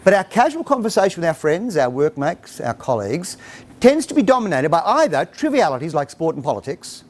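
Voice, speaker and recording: Fairly quick and on the high side, the voice is that of a middle-aged man speaking on parenting. His talk to parents is funny, with animated storytelling and acted-out dialogue.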